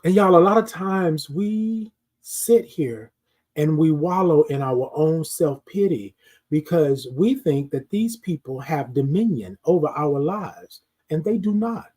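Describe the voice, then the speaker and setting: Middle-aged guy on a morning livestream, kinda high voice, preachy and repeating himself, greeting folks in chat. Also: animated, a little slow, dark tone. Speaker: host of a morning live show. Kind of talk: motivational live-stream talk.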